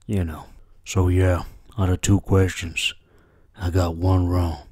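A man's voice: low voice, little pitch movement, takes it slowly, a little mellow, husky, dry recording, clean studio sound. A man hosting a comedy reaction video, mock-dramatic and self-mocking, swearing freely. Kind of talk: jokey reaction commentary.

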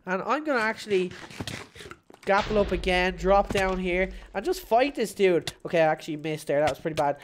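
A woman hosting her gaming channel, giving live gameplay commentary in an excitable, playful way, shouting at big moments. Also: fairly low pitch, brisk, noisy background.

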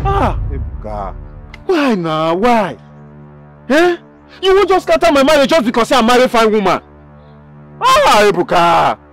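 A man's voice: very high-pitched, fairly bright tone, exaggerated voice. An actor with a Nigerian accent playing an anxious young married man torn between his mother and his wife, pleading.

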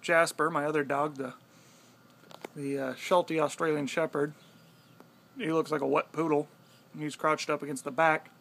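A young man casually telling a story to the camera, animated and swearing freely. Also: on the high side, moderate pace, creaky, long pauses. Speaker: vlogger.

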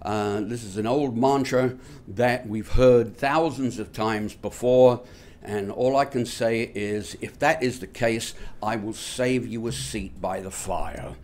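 Slow, halting man hosting a talk show. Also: fairly low pitch, steady tone, a little mellow. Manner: halting, many fillers and restarts; wry, sardonic asides. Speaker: host of a nonbeliever talk show. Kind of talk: unscripted monologue to viewers.

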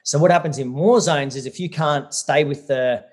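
A man's voice: on the high side, normal speed, husky. A man, a guest telling adventure stories bluntly, swearing and calling the listener mate. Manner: blunt, swears freely, says mate a lot. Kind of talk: casual interview storytelling.

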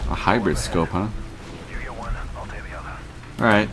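A man's voice: fairly low pitch, takes it slowly, over music, rough recording. A young man casually commentating a shooter game, joking crudely and reacting aloud to what happens on screen. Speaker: gaming channel host. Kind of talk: casual let's play commentary.

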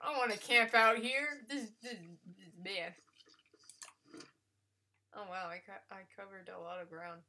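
A woman giving live gameplay commentary, excitable and gushing, with frequent exclamations and casual swearing. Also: mid-range voice, unhurried, long pauses. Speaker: let's player.

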